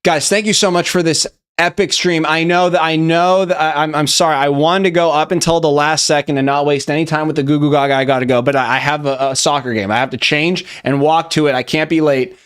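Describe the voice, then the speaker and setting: A man's voice: a little high, fairly even intonation, fairly quick, few pauses, fairly bright tone, clean tone. A young man hosting a live stream, reacting loosely and profanely to memes, rambling and chatty. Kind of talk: casual live-stream meme review.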